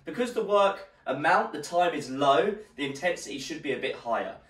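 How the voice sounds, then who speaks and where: A man's voice: fairly high pitch, lively intonation, fairly quick, fairly bright tone. A male fitness instructor leading a live workout class, slightly out of breath as he exercises and counts down the rounds. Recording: roomy echo, distant mic.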